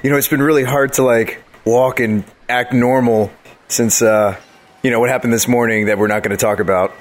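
A man at a tabletop game who speaks haltingly, filling his sentences with "like" and "uh" as he works out what to say. His pitch sits in the middle range. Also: steady tone. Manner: halting and hesitant, with many fillers. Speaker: player. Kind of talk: casual tabletop game play.

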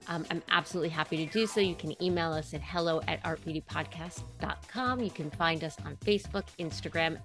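A woman hosting a podcast interview, talking in a chatty, filler-heavy way. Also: fairly low pitch. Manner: chatty, warm-hearted, many fillers. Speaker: podcast host. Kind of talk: casual interview chat.

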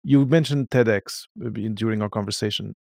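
A man's voice: on the low side, fairly quick, vocal fry, a little mellow, no room sound, clean studio sound. A man hosting a podcast interview, asking questions hesitantly with fillers and restarts. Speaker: podcast host. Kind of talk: casual interview chat.

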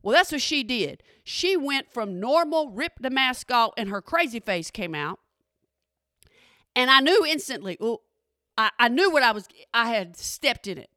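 A woman radio host telling a comedic story from her studio, animated and talking straight to her listeners. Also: fairly high pitch, measured pace, dry recording. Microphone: studio microphone.

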